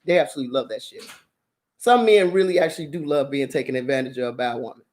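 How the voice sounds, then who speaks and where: A woman hosts her own show and chats casually with her viewers, handing out blunt, animated dating advice. She swears freely and often bursts out laughing. Her voice is extremely low-pitched and she talks fast.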